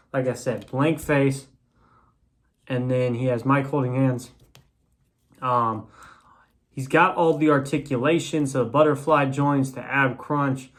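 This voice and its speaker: Rambling man reviewing a toy figure. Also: medium pitch. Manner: rambling, many fillers and restarts. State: has the hiccups. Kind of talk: casual unboxing review.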